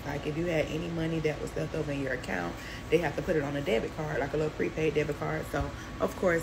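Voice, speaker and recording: A woman casually retelling a personal story in an animated way, acting out other people's lines. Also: low voice, gravelly, background noise. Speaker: storytime vlogger.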